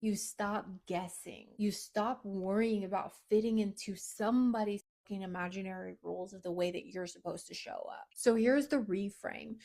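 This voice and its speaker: A woman business coach talking straight to camera, blunt and emphatic, swearing freely. She swings between loud, punchy lines and low, near-whispered asides. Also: steady tone, moderate pace, few pauses. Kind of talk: direct-to-camera coaching talk.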